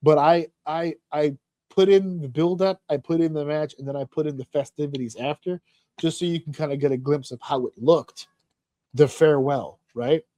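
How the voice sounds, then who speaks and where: A man hosting a podcast tells casual, animated stories laced with swearing, acting out shouts along the way. His voice is a little high, his pace moderate, and there's no echo.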